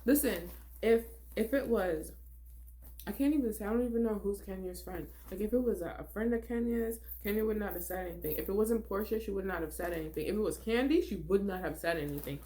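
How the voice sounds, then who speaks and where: A woman's voice: medium pitch, brisk, mellow. A young woman giving blunt, exasperated commentary on a reality TV episode, laughing often as she reacts. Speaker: reality TV recap vlogger.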